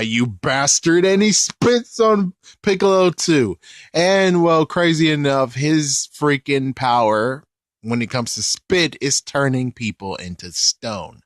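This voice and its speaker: A man's voice: a little high, slow pace, dry recording, studio quality. A man giving casual, rambling commentary on an anime episode, often correcting himself mid-sentence. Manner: rambling, animated, self-correcting.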